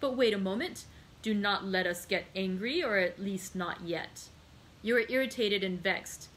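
A woman's voice: medium pitch, normal speed, a bit bright, a little hiss or hum, natural voice, low-quality recording. A woman reading the part of a friendly male journalist who speaks mildly and courteously in a storybook reading. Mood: calm. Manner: mild, courteous, reasoning.

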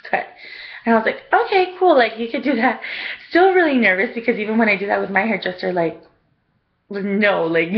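A woman's voice: medium pitch, gravelly. Young woman, rambling storytime vlog, chatty, lots of fillers, slightly dull audio. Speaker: vlogger.

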